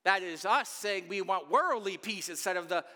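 A man preaching an Easter sermon as a pastor, swinging into loud pleading outbursts between quieter stretches. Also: sits high, animated, normal speed. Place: church sanctuary. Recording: long church reverb.

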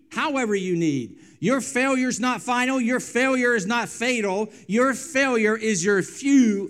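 A male pastor delivers an impassioned sermon in a voice set a little high for a man. He pushes some lines out loud and firm, then drops others almost to a hush. He stretches key phrases and comes back to them as refrains. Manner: impassioned preaching that swings between loud emphasis and quiet, hushed lines; drawn-out, emphatic phrasing with repeated refrains.

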